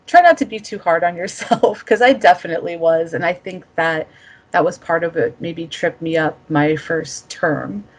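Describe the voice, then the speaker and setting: Woman guest from the US, lower register, reflective and chatty with fillers. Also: normal speed. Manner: reflective, frequent fillers and soft laughs. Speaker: former master's student guest. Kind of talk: casual interview chat.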